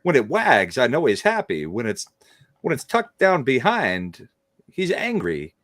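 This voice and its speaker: A man doing an impression of a famous actor, with stilted pauses and rambling nonsense tangents over a video call. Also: medium pitch, huge pitch swings, fairly bright tone, dry recording, clean studio sound. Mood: deadpan rambling.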